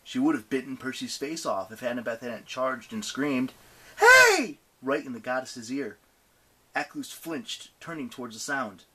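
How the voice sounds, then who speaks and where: A man reading a novel aloud as an audiobook narrator, with animated, expressive delivery. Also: mid-range voice, moderate pace, very noisy.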